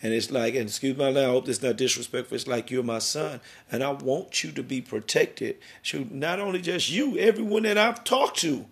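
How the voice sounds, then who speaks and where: A man's voice: medium pitch, fairly quick, hardly any pauses. A middle-aged man hosting a podcast interview, talking in an emphatic, preachy, rambling way about worth and family. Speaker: podcast host.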